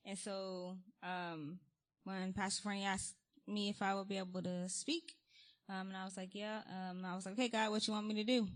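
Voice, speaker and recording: Candid, conversational woman preaching in church. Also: mid-range voice. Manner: candid and conversational, frequent ums and likes; reads scripture aloud with rising emphasis. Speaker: guest speaker. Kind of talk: informal testimony-style sermon. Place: church sanctuary.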